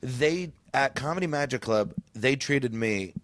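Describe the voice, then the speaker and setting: A man's voice: medium pitch, animated, unhurried, a bit bright, no room sound. A man speaking as a guest comedian in casual chat, earnest and matter-of-fact.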